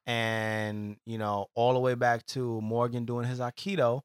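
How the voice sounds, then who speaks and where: A man co-hosting a podcast, recapping a TV episode in relaxed, profane casual chat. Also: medium pitch, a little slow, clean tone, no room sound, clean studio sound. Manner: relaxed, profane, talks over his co-host. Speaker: podcast co-host.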